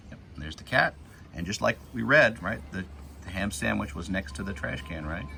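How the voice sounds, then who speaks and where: A man teaching young children to read, reading a picture book slowly and patiently, word by word. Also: on the low side, lively intonation, vocal fry, pushed and bright, slight background noise.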